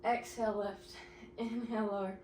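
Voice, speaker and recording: A woman's voice: medium pitch, level tone, normal speed, darkish tone, slight background noise. A young woman leading a pilates class, giving encouraging cues and getting out of breath as she exercises along. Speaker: pilates instructor. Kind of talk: instructing a workout class. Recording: echoey room, mic at a distance.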